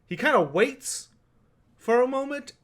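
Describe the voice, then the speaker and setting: Man, game master, high-pitched casual tabletop narrator. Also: sing-song, a little slow. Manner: casual, filler-heavy narration.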